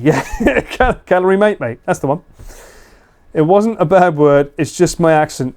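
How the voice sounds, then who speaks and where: A man's voice: fairly high pitch, animated, a little slow, a little mellow. A man casually chatting with viewers during a live stream, joking and laughing often. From United Kingdom. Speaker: livestreamer. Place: house.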